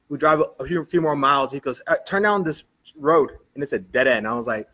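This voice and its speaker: A middle-aged male pastor tells a story from the pulpit with a husky, slightly rough voice. His pitch sits in the middle of the male range. He acts out each exchange, dropping his voice for the other man and lifting it for his own lines. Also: fairly quick. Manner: animated storyteller acting out dialogue. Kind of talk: storytelling sermon. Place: church.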